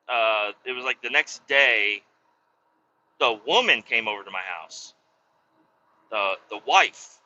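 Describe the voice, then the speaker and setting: A man's voice: medium pitch, lively intonation, slow pace, pauses often, pushed and bright, dull audio, a little hiss or hum. A man hosting a podcast, telling a story in casual, profane, laid-back talk while driving a car. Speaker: podcast host.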